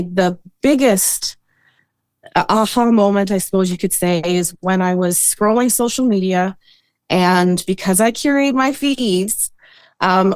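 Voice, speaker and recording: Woman, earnest, reflective, hesitant, mid-pitched, dry close mic. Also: no room sound. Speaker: boudoir photographer, podcast guest. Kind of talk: casual interview talk.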